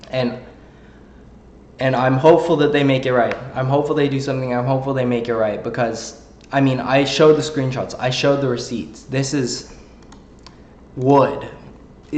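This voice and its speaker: A young man venting to his viewers about a game company, indignant and rallying, with many ums and likes. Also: medium pitch. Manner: indignant, rallying, filler-heavy. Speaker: gaming channel creator. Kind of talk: heated direct-to-camera rant. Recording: roomy echo.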